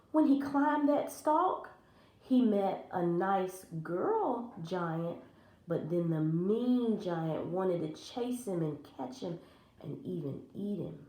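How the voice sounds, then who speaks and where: A woman teacher reading a children's storybook aloud in an expressive, animated way, recorded in an echoey room. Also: mid-range voice. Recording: roomy echo.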